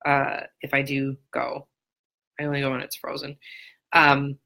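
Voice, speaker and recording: Frank, chatty woman, low and bright. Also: monotone, measured pace, gravelly, low-quality recording. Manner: frank, chatty, many fillers and restarts. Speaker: dog trainer. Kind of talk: live Q&A chat. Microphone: phone or webcam on a live stream.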